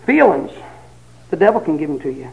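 A man preaching a sermon, telling folksy stories, acting out quotes and rising to shouts. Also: on the high side, sing-song, brisk, gravelly, lo-fi sound.

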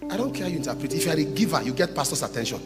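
A man preaching an animated, humorous storytelling sermon to a church congregation, now and then bursting into shouts. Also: fairly high pitch, very fast. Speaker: pastor. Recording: reverberant church hall with music. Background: instrumental music.

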